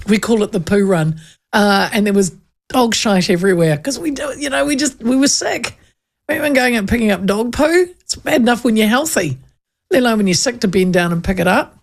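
A woman's voice: a little high, expressive, fairly quick, vocal fry. A middle-aged woman with a New Zealand accent, hosting a show and telling stories in a chatty way, laughing often. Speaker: radio host. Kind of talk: casual chat.

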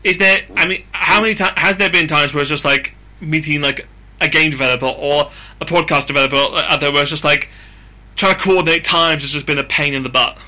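A man's voice: fairly high pitch, fairly quick, sharp tone. A man hosting an interview, asking long, rambling questions full of fillers. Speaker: podcast interviewer. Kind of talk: casual interview chat.

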